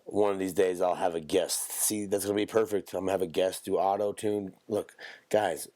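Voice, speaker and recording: A man's voice: low voice, fairly even intonation, moderate pace, warm tone, dry recording. A man hosting a solo podcast in loose, profane, rambling casual chat with joking asides, coughing and stuffed up from allergies. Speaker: podcast host.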